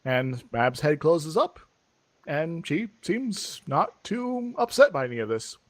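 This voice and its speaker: A man running a tabletop game, narrating in a rambling way full of fillers and restarts. His voice sits a little high and sounds dry and close. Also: expressive, takes it slowly, no room sound. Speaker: game master.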